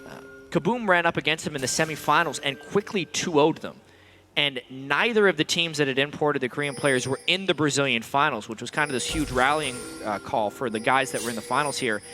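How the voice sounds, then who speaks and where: A man's voice: a little high, brisk, bright, forceful tone. Analytical male esports caster over music. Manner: analytical, explains picks and history at length. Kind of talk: play-by-play commentary. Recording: music playing behind.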